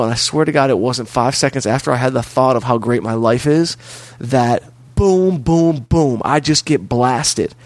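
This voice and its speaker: A man telling a wild personal story in casual chat, swearing often and acting out quotes with lively energy. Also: medium pitch, no room sound. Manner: animated, profane, swearing-to-God storytelling with acted-out quotes.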